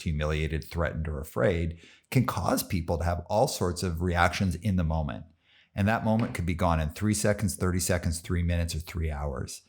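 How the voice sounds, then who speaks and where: A man hosting a podcast interview, talking animatedly and mimicking imagined listeners. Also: low-pitched. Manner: animated, fast bursts, mimics imagined voices. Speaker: podcast host. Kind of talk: conversational interview.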